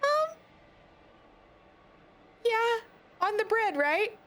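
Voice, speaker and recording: A woman's voice: very high-pitched, sing-song, drawn-out words, fairly bright tone, exaggerated voice. A woman voicing a jittery young woman adventurer who carries a cleaver, in a tabletop role-play, talking nervously and hesitantly.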